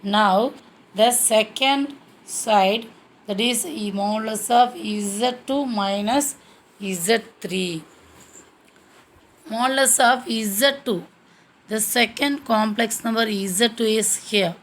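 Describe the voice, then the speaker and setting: A woman's voice: a little high, slow, a little hiss or hum. A woman teaching a maths lesson step by step, checking in with frequent "okay"s. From India.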